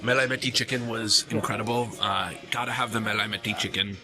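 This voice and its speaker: A man's voice: on the low side, steady tone, quick pace. A man hosting a food vlog, chatting casually and laughing often at a restaurant table. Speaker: food vlogger host. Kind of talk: casual food review chat. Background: background music.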